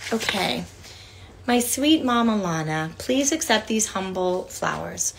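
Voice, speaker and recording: A woman's voice: fairly low pitch, a little hiss or hum. A tired woman in her forties chatting on a phone livestream in a room at home, reading fan cards aloud and filling her talk with "like". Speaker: actress thanking fans on a livestream. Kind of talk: casual livestream chat. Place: indoor room with couches.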